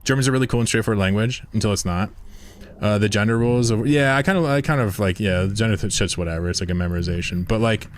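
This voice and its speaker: A man's voice: lowish voice, fast talker, slight background noise. A man streaming a game, chatting loosely with viewers, swearing and often laughing. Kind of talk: casual live-stream chat while gaming.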